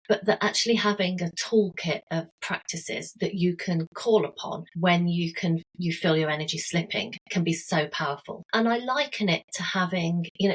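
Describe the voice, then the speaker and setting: A woman's voice: lowish voice, breathy edge, rough recording. A woman, a health coach guest, talking earnestly and telling stories with everyday examples in a conversational interview.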